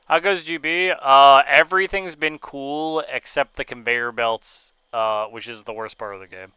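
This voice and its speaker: A man's voice: mid-range voice, unhurried, bright, forceful tone, clean tone, dry recording, highs cut off. A man streaming a video game, chatting and swearing casually and joking with viewers. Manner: profane, joking, frequent laughs. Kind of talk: gaming livestream commentary.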